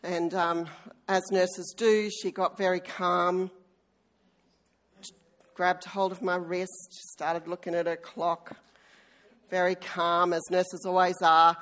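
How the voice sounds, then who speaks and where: A woman's voice: fairly low pitch, level tone, slow pace. A middle-aged woman, a church elder preaching a sermon in a chatty, self-deprecating way with frequent ums, recovering from an illness. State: recovering from illness, may cough. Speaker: church elder and worship leader.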